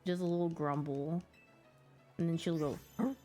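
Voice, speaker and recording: A woman's voice: sits low, steady tone, normal speed, mellow, faint music behind. A young woman streamer chatting casually about her pets, giggly and playful, putting on little voices for them.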